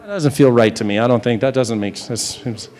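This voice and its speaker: A man's voice: medium pitch, moderate pace, darkish tone. A man from New Hampshire working as a stage hypnotist, chatting with volunteers in loose, rambling patter full of restarts, recorded live in a large campus hall. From New Hampshire, USA. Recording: live hall with long reverb.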